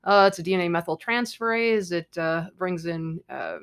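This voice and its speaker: A woman scientist joins a relaxed podcast chat. She drops dry, wry asides and explains technical points in an easy, matter-of-fact way. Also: on the low side, moderate pace, clear, resonant tone. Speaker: scientist guest.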